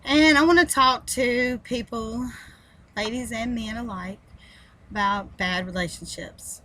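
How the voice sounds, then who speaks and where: A woman's voice: on the high side, measured pace, bright, forceful tone, slight background noise, rough recording. A woman in her forties telling a personal story, heartfelt and on the edge of tears. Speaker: vlogger sharing a personal story. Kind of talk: earnest personal testimony.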